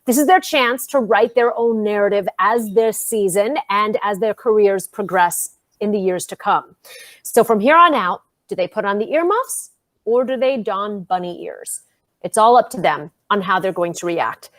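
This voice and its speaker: A woman's voice: medium pitch, lively intonation, normal speed, a bit bright, no room sound. A woman from Queens with a New York accent, co-hosting a casual panel show and telling stories with emphatic energy. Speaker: co-host and reporter. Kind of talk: casual panel chat and opinion segment.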